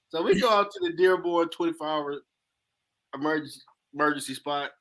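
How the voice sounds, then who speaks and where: A man's voice: fairly high pitch, a little fast. A man hosting a talk show, telling a funny personal story and acting out the dialogue in casual slang. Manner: animated, acts out dialogue in slang. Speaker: host.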